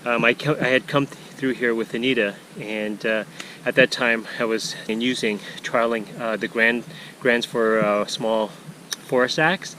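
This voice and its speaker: A man's voice: medium pitch, steady tone, a little slow, bright, forceful tone, slight background noise, low-quality recording. A man narrating a casual canoe-trip vlog outdoors on a forest portage, rambling with many fillers and restarts. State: out of breath.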